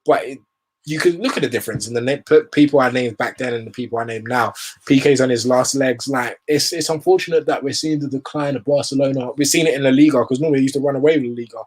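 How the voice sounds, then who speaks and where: A man's voice: mid-range voice, fast talker, darkish tone, husky. A young man hosting a football show, giving rambling, opinionated commentary in casual slang.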